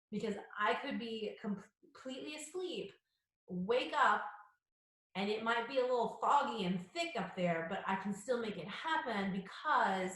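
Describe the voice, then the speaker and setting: A woman voice teacher explaining singing technique in a chatty, explanatory way, with fillers and restarts. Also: medium pitch. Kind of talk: spoken singing lesson with demonstrations. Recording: very echoey room with music.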